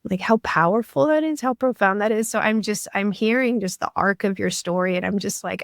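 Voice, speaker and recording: A woman's voice: mid-range voice, a little fast, hardly any pauses, no room sound, clean studio sound. A woman hosting a podcast interview, talking earnestly and with feeling, with many "like"s and "you know"s. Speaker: podcast host. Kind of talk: conversational interview.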